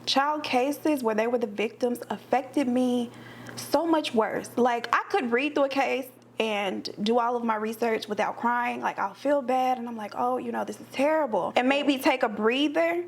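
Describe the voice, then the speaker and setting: A woman's voice: fairly high pitch, unhurried, a little hiss or hum. A woman talking as a podcast guest in a casual, chatty way, acting out her own thoughts as she tells a personal story.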